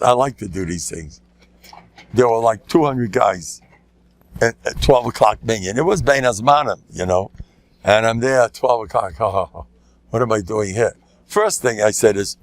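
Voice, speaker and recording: An older man giving a rabbi's lecture in a lively, swooping voice that jumps high and loud for quoted lines. He keeps breaking off, repeats himself and laughs at his own jokes. The sound is dry and close, with little room around it. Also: moderate pace, no echo. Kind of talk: storytelling talk with jokes.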